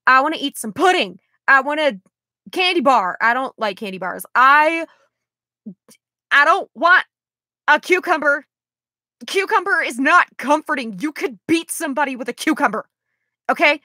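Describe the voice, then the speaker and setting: A woman's voice: high-pitched, animated, normal speed, long pauses, sharp tone, no echo, clean studio sound. A young woman rambling in a casual vlog, exasperated and sighing as she talks. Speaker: vlogger.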